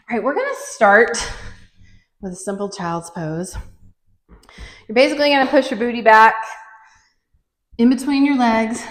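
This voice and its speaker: A woman's voice: a little high, expressive, moderate pace, pauses often, roomy sound. Breathless woman leading a workout. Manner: encouraging, counts reps aloud, says "y'all". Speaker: fitness instructor. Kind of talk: guided workout instruction.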